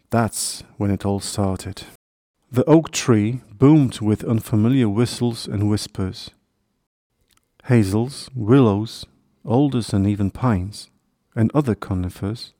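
A man reads a children's story aloud at an unhurried, very slow pace. His voice sits low and mellow, and the recording is dry and close, with no room around it. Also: no room sound. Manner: calm, measured reading. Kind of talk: scripted storybook narration.

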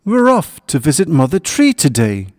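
A small, earnest hedgehog frets in a raised, plaintive voice, put on by a man reading a storybook. His lines swing up and down with feeling and quickly turn indignant. The sound is dry and close. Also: on the high side, huge pitch swings, a little mellow, dry recording, pitched above the performer's own voice.

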